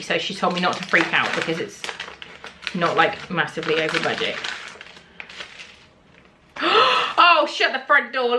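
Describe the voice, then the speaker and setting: A British woman vlogging a casual unboxing in her kitchen at home, excitable and full of gasps, squeals of delight and frequent swearing. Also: on the low side, noisy background.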